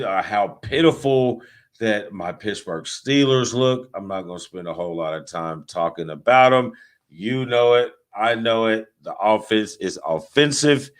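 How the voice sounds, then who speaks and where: A man hosting a sports podcast, reading sponsor plugs and talking football in a loose, joking, trash-talking way. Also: lowish voice. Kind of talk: casual sports talk with sponsor reads.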